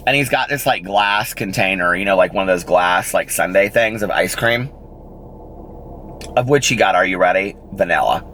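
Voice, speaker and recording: A man's voice: deep voice, moderate pace, a little hiss or hum, low-quality recording. A middle-aged man, telling a story in a casual vlog and acting out the people in it. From United States. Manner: chatty, animated, acts out quoted people in raised voices. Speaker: vlogger.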